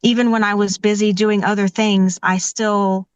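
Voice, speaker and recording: A woman's voice: medium pitch, little pitch movement, moderate pace, clear, resonant tone, dry recording, muffled recording. Enthusiastic woman telling stories, dry sound. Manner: enthusiastic, warm storytelling with many "you know"s. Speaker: professional organizer, guest. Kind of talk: conversational interview answers.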